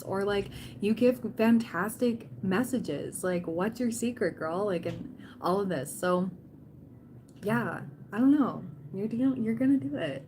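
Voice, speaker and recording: A woman's voice: medium pitch, lively intonation, moderate pace, a little mellow, slight background noise. A woman hosting a tarot livestream, chatting casually and cheering on her viewers, often quoting people in playful voices.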